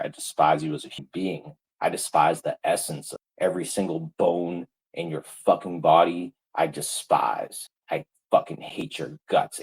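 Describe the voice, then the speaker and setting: Profane, furious low-voiced man. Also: rough recording. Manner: heated, profane, repetitive. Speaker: livestreamer. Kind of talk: angry livestream rant.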